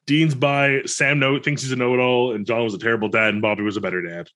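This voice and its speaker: A man co-hosting a casual podcast, giving opinions in an animated way and laughing often. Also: mid-range voice, fast talker. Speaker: podcast co-host. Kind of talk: casual chat.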